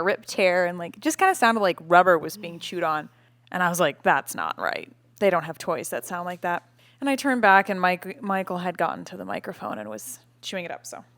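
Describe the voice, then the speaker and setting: A woman's voice: fairly low pitch, a little fast, no echo. Chatty young woman podcast co-host. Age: late 20s. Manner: chatty, laughs often, animated retelling. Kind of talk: casual chat. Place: home. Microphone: podcast microphone with cover.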